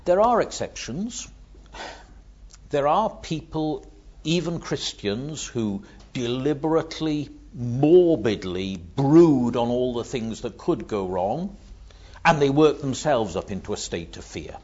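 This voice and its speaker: Slow, animated, husky male preacher. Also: mid-range voice, lo-fi sound. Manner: dramatic, swings from hushed to loud. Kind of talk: sermon.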